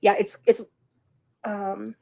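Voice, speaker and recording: A woman talks to her stream in a loose, rambling way. She is blunt and swears freely. Her voice sits at a middling pitch for a woman. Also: little pitch movement, slow pace, vocal fry, a little mellow. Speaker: livestreamer. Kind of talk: casual livestream chat.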